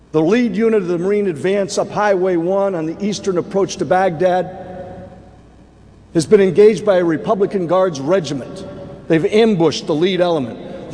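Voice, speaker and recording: A man's voice: sits high, a little mellow, slight background noise. A man in his sixties giving a dramatic speech at a banquet, telling vivid war stories. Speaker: keynote speaker. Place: large banquet hall. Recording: echoey hall, faint room ambience.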